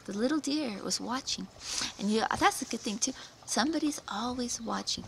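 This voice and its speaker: A woman reviewing a children's book, retelling the story in an animated, dramatic way with gasps and whispers. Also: fairly high pitch, normal speed, vocal fry, slight background noise, poor audio.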